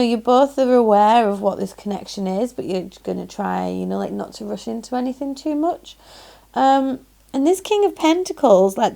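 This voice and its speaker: A woman with a medium-pitched, gravelly, mellow voice and a Yorkshire accent gives a pick-a-card tarot reading. She's chatty and effusive, scattering "um"s throughout and exclaiming with delight, often saying "lovely."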